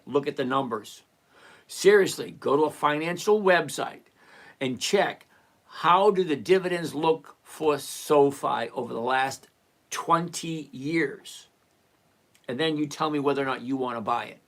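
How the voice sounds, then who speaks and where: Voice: medium pitch, fairly bright tone. Blunt live-stream trading host. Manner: blunt, repetitive, lecturing tone; mildly profane, exasperated asides. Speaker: stock trading livestream host. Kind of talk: casual live-stream chat answering viewers.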